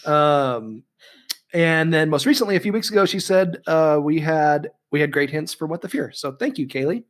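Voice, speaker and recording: Chatty man co-hosting a podcast, higher voice. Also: brisk. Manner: rambling, chatty, frequent ums and restarts. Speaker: podcast co-host. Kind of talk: casual podcast chat.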